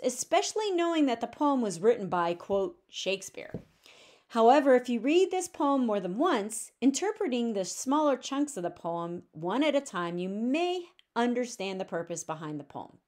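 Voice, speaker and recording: Woman explaining poetry in a measured voice. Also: medium pitch. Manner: clear, measured explanation, reading verse aloud slowly. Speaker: teacher. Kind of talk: recorded lecture on poetry.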